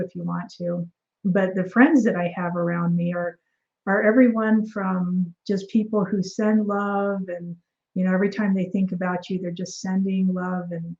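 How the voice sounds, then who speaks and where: A woman being interviewed tells her story casually and with energy, acting out quoted dialogue amid many fillers and restarts. Her voice is on the low side, and the recording sounds lo-fi.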